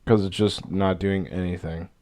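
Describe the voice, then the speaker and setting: A man's voice: sits low, steady tone, moderate pace, a little mellow. A young man hosting a solo podcast, ranting casually with heavy swearing and rambling, exasperated asides, talking into a desk microphone. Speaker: podcast host.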